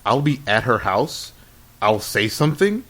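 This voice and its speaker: A man's voice: mid-range voice, big pitch swings, unhurried, a bit bright. Rambling young man telling a story. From Texas. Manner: rambling storyteller, laughs often, acts out quotes. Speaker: podcast co-host. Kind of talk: casual chat. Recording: amateur podcast with audible noise.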